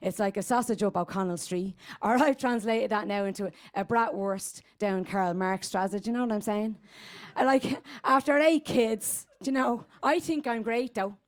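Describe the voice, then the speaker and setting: A woman with a medium-pitched voice, speaking at a moderate pace close to her everyday tone, appears as a comedy character guest. In a bawdy stand-up monologue she plays a brash, crude woman in her 80s from inner-city Dublin, rambling and streetwise in a thick Dublin accent.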